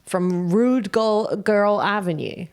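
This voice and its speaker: This Dutch woman in her thirties is a comedian co-hosting a casual comedy podcast, and she tells animated stories punctuated by plenty of laughter. Her voice sits at a medium pitch, clean in tone, and she speaks slowly.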